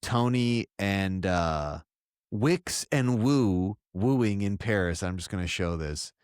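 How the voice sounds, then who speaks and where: A man co-hosting a podcast, recapping an old sitcom episode in a rambling, relaxed way. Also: on the low side, slow pace, clean tone, dry recording, clean studio sound. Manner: rambling, relaxed storytelling with fillers. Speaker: podcast co-host. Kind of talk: casual recap chat.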